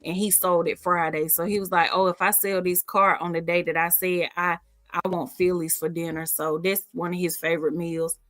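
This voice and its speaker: A bright-voiced middle-aged woman hosts a casual livestream. She talks in a sassy, storytelling way and reads viewer comments aloud. The sound is dry and close. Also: lowish voice, flat delivery, moderate pace, dry recording. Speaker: livestream host.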